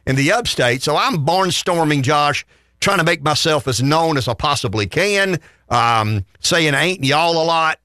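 A man with a Southern US accent, co-hosting a radio show and telling stories in a casual, animated way, chuckling often. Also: a little high, a little slow, no echo, studio quality. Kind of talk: casual radio talk, storytelling.

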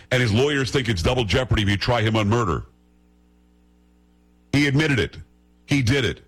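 A man's voice: medium pitch, fairly bright tone, slightly rough. A man hosting a talk radio show, giving blunt opinions and teasing his co-hosts. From United States. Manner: blunt, fast-talking, teasing.

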